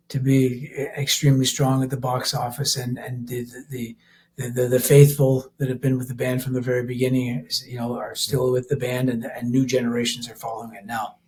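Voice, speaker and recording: A slightly mellow, mid-range male voice belongs to an older Canadian rock musician guesting on a podcast, where he sings and plays keyboard in his band. He speaks casually, drifting, restarting often and laughing freely.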